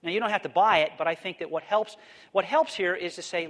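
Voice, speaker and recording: A man giving a theology lecture and answering questions, explaining in a thoughtful, measured way. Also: high-pitched, fairly bright tone, long reverb tail.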